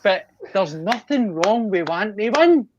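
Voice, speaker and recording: A man's voice: high-pitched, lively intonation, unhurried, poor audio. A Scottish man on a podcast talking passionately, swearing and laughing in casual chat. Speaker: podcast co-host.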